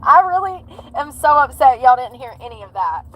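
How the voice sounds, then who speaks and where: A woman's voice: high voice, very animated, moderate pace, lo-fi sound, slight background noise. A woman from North Carolina with a country twang, chatting to viewers on a live stream and telling a story from her day. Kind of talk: casual live-stream chat.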